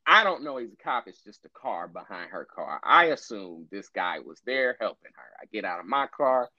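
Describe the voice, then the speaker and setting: A man's voice: on the low side, normal speed, dry recording, dull audio. A man telling a long story in casual chat, swearing freely and acting out what people said. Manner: profane, animated storyteller acting out quotes.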